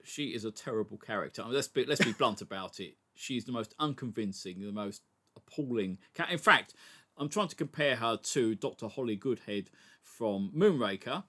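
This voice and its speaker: A man's voice: medium pitch, animated, normal speed, a bit bright. A man co-hosting a casual film discussion, opinionated and blunt, often stammering and restarting with "look". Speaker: podcast co-host.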